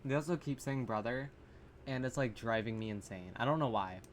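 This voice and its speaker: A man's voice: mid-range voice, fairly quick, slight background noise. A man in a horror reaction vlog, rambling in loose commentary, full of fillers, swearing and sarcastic asides, recorded on his camera's mic.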